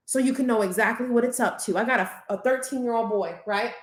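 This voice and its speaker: A woman life coach leading a group coaching masterclass in a lively, conversational way, acting out inner voices. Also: fairly high pitch, quick pace, roomy sound.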